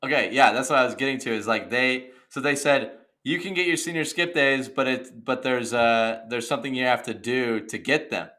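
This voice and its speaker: A young man co-hosting a podcast, telling a story in a casual, animated rant and saying "dude" and "okay" a lot. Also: medium pitch, normal speed, hardly any pauses. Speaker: podcast co-host. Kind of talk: casual chat.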